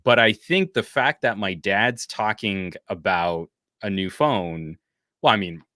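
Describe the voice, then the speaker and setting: A man in his thirties hosts a loose tech chat, rambling happily through family anecdotes. His voice is bright and forceful though pitched a little low. The recording is dry and close. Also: a little slow, dry recording. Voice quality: chatty, tangent-prone storyteller. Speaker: host.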